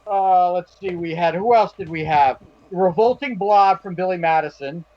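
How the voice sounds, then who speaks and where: A man's voice: high voice, normal speed, highs cut off. A man co-hosting a casual chat, rambling through memories and searching aloud for names.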